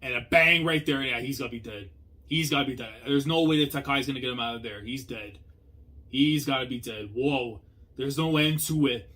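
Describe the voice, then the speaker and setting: A young man talks through a manga chapter in casual slang. He drops to low mutters, then breaks into loud, excited outbursts. His voice sits at an ordinary middle pitch for a man. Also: fairly quick. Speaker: manga reaction host. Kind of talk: casual reaction commentary.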